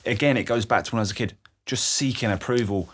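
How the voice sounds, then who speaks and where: Young guy opening up on a podcast, low voice, sweary and raw, acts out what people said. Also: fast talker, husky. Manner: emotional, swears freely, acts out quoted voices. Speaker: guest. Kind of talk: candid personal storytelling.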